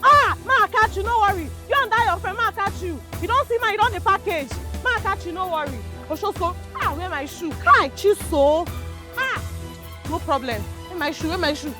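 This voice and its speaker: An actress playing a brash woman with a Nigerian Pidgin accent, loudly scolding and taunting in a Nollywood film. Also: very high voice, lively intonation, a little fast, over music. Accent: Nigerian Pidgin English. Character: brash woman chasing someone who owes her. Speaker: angry woman confronting a wig borrower.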